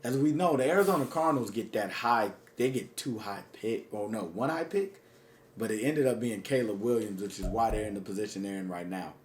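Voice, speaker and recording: A man's voice: lowish voice, a little fast. A man doing casual, hyped commentary over his own video game, talking straight to his viewers in slangy speech. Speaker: gaming YouTuber.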